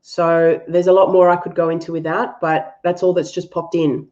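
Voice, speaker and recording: Lower-voiced woman, affectionate live reader. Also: flat delivery, moderate pace, darkish tone, muffled recording. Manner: affectionate, calls viewers "my love", thinks aloud with fillers. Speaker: spiritual animal reader hosting a live stream. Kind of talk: live-stream reading and Q&A.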